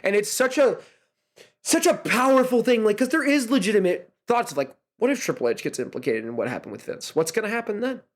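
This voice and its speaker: A young adult host recapping a wrestling event in excited casual chat, swearing freely. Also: mid-range voice. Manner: rapid, animated, swearing freely. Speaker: podcast host.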